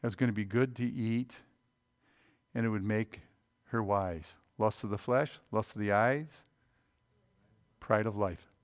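A pastor preaches a folksy, conversational sermon, speaking a little slowly and pausing often. He frequently poses rhetorical questions to the room and swings between loud emphasis and quiet, low asides.

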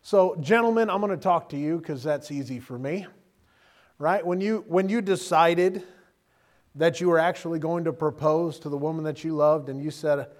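A man's voice: fairly high pitch, normal speed. A middle-aged man preaching a sermon in a conversational, humorous way, often checking in with the listeners. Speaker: pastor.

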